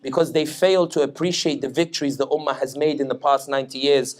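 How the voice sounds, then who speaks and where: Here a man from Tunisia, a political analyst with a British accent, talks fast in a mid-range voice with fairly even intonation. He is a guest speaker giving a joking, anecdote-filled public talk at an Islamic center.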